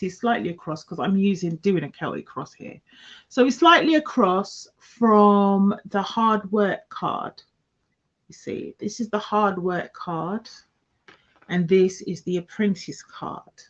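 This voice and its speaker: A woman giving a casual tarot reading, talking slowly through each card as she lays it out. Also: fairly low pitch. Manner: slow, musing, talks through each card. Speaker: tarot reader. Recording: dull lo-fi sound.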